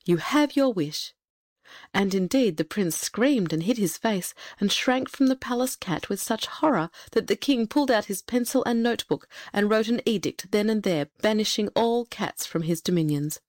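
A woman's voice: medium pitch, normal speed, hardly any pauses, no echo, clean studio sound. Woman reading a fairy tale aloud. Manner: steady, expressive read-aloud. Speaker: narrator. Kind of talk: storybook narration.

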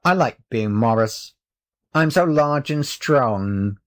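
A sly male cat from a storybook, smug and teasing, as a man reads him aloud. He drawls his words at a very slow, relishing pace. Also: mid-range voice, expressive.

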